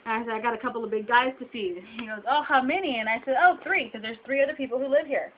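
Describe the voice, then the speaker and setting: A woman's voice: on the high side, very fast, slight background noise. A young woman venting to her camera, telling an upsetting story with indignant emphasis. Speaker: vlogger. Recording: dull lo-fi webcam audio.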